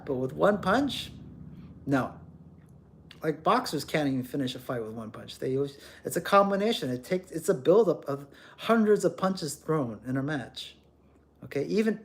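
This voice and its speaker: A man hosting a livestream, ranting bluntly and emphatically, often repeating words as he scolds. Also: a little high. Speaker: livestream host.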